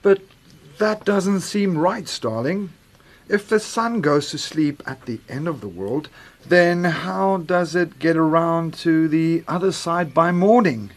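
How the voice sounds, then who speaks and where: An actor voicing a thoughtful male baboon who muses slowly in a children's audio story. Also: mid-range voice, lightly acted. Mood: musing.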